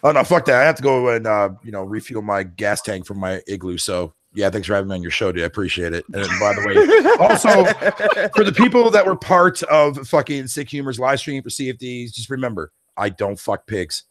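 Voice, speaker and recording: A man's voice: on the low side, lively intonation, fairly quick, dry recording. A man from Canada on a gaming podcast panel, joking and swearing a lot.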